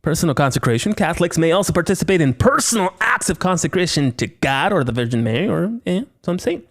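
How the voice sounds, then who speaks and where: Solo podcast host, male, higher-pitched, very lively delivery, playful and chatty. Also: fast talker, gravelly. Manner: playful, lively, slips into silly voices and banter with himself. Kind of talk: solo horror movie review podcast.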